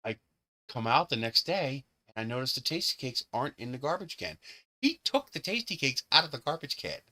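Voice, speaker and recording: A man's voice: mid-range voice, expressive, a little fast, pushed and bright. A man hosting a live stream, telling stories in casual chat, laughing often and swearing freely. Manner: laughs often, profane, gleeful storyteller.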